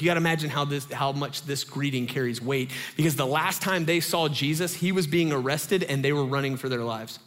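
A man in his thirties, a pastor giving a sermon in a chatty, animated storytelling way. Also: medium pitch, in a large hall. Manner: animated, conversational storytelling with lots of fillers.

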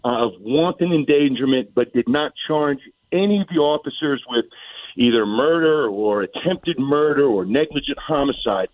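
A man's voice: medium pitch, no room sound. Assertive man on a tinny phone line. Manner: assertive, methodical, addresses host by name. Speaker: guest commentator. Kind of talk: radio talk commentary.

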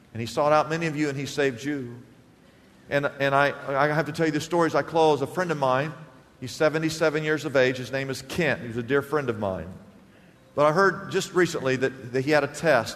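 A male pastor preaching a sermon in a church, telling stories and swinging between loud bursts and hushed, quiet lines. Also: medium pitch, long reverb tail. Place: church sanctuary.

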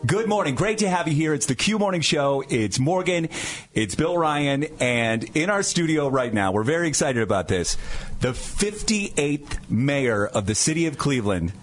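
A man co-hosting a radio morning show, energetic and teasing in his banter. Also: fairly high pitch, moderate pace, faint music behind. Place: radio studio.

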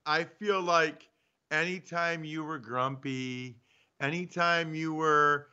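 A man co-hosting a casual sports show from home, teasing and animated, acting out little bits. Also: on the high side, takes it slowly, clear, resonant tone. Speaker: co-host. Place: home studio. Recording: dull lo-fi remote audio.

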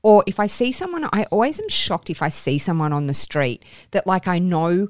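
A woman's voice: lowish voice, moderate pace, dry recording, studio quality. A woman, co-hosting a casual chat and acting out stories with quoted voices. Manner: animated storyteller, acts out quotes. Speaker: podcast co-host.

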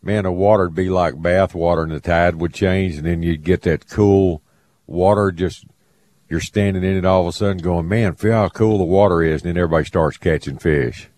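A man's voice: deep voice, fairly even intonation, moderate pace, darkish tone. A man hosting a fishing radio show, easygoing and reminiscing in casual chat.

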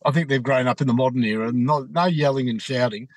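An Australian man co-hosting a casual chat show, telling an animated anecdote. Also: mid-range voice, fast talker, dry recording, poor audio. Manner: animated anecdote teller, acts out quotes. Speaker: co-host.

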